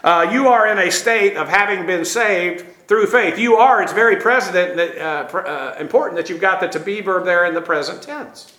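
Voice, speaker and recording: A man's voice: high-pitched, moderate pace, hardly any pauses, pushed and bright, reverberant, low-quality recording. A man preaching an expository sermon, teacherly and emphatic, with frequent filler sounds. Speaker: pastor.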